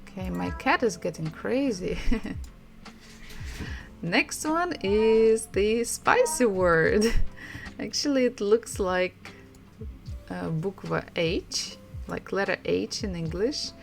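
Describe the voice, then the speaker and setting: A woman with a Russian accent teaching a language lesson, slowly repeating words and laughing often. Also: mid-range voice, vocal fry. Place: home room.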